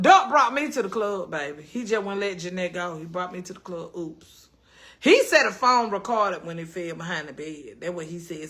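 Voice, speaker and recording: A woman's voice: a little high, pushed and bright. A woman in her fifties who hosts a casual livestream from home, telling stories animatedly, swearing freely and reading out viewer comments. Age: 50s. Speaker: livestream host.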